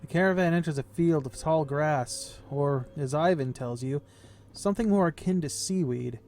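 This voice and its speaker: A man's voice: fairly high pitch, moderate pace, a little mellow. Man reading game text aloud. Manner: reads text out steadily, then breaks off into casual comments. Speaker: game player and narrator.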